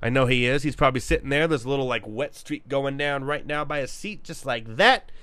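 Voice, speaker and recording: A man hosting a fantasy football podcast, ranting in an excitable, hyped way and now and then breaking into shouts. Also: mid-range voice, brisk, smooth, no room sound. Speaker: podcast host.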